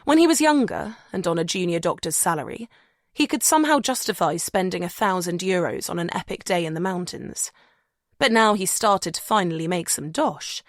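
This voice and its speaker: A woman narrating an audiobook thriller in a measured, suspenseful way. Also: fairly low pitch, dry recording, clean studio sound.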